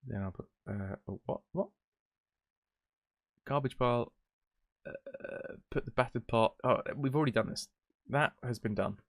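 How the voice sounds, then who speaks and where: A man's voice: medium pitch, a little slow, gravelly, pauses often, no room sound, studio quality. A man streaming a game, chatting casually and rambling with jokes as he plays. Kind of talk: casual gameplay commentary.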